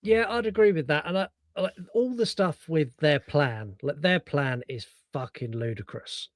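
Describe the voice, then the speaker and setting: A man co-hosting a podcast in a fairly high voice, talking loosely and excitedly about a film. He swears freely and acts out lines from it, and the sound is dry and close. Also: moderate pace, no room sound. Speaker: podcast co-host. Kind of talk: casual film review chat.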